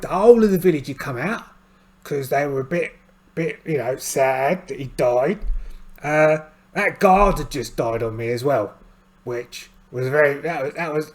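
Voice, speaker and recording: Chatty middle-aged man, slightly high voice. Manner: chatty, self-deprecating, meandering with restarts. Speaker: solo game player and narrator. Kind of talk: rambling casual solo game narration.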